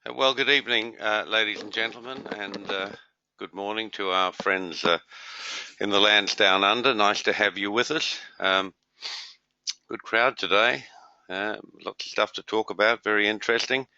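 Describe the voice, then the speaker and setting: A man's voice: on the low side, steady tone, moderate pace, sharp tone, clean tone, no echo. A middle-aged man from Australia with an Australian accent, hosting a trading webinar in a casual, rambling way with many filler words. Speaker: webinar host, trader. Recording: dull lo-fi dry audio.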